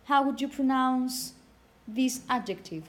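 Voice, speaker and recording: Woman lecturing a phonetics class. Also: high voice. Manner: checks in with frequent "okay?", repeats example words slowly. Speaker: phonetics teacher.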